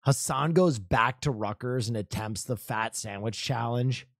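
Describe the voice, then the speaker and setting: A young man from New Jersey riffs over a show he is watching, cursing freely and laughing as he rambles. His voice sits at an ordinary pitch and sounds dry and close, with no room around it. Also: measured pace, creaky, no echo. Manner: loose, profane, laughing, rambling. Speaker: commentator reacting to a show. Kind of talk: casual reaction chat.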